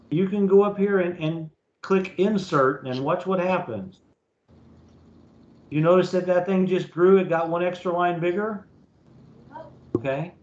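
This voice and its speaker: A man with a high voice teaches an online class as a professor, walking students through the work step by step in a casual way and asking "okay?" again and again. His voice sounds roomy and somewhat dull, like a lo-fi meeting recording. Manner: casual, repeats "okay?" to check understanding. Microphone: computer mic in a video meeting.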